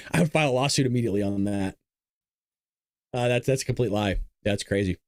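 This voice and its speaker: A man's voice: medium pitch, animated, brisk, no echo, studio quality. A man hosting a live-streamed political commentary show, ranting sarcastically and answering viewer chat. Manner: sarcastic, ranting, mocks opponents.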